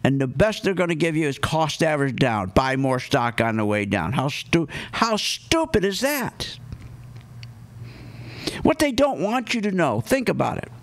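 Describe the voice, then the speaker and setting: Brief: male talk radio host, higher voice, very lively swings, emphatic and repetitive. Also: a little slow. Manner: emphatic, repeats key points, rhetorical questions. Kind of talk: opinionated talk radio monologue.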